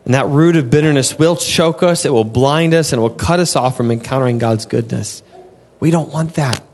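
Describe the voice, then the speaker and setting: A man's voice: medium pitch, a little fast, a little mellow. A young adult man preaching an earnest, conversational sermon, often acting out his prayers and God's replies. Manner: earnest, conversational, acts out dialogue with God.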